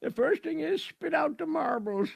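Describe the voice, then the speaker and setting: A man doing a giggly high-voiced doctor. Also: expressive, creaky, no room sound, studio quality, heavily acted. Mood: amused. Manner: laughs at his own jokes, brisk and dismissive. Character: jolly, giggly male court doctor.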